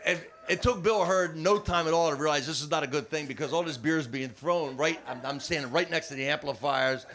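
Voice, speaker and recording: An older New Jersey stand-up comedian tells a story in a somewhat high, brisk voice. He's animated, laughing as he goes and shouting out the lines he quotes.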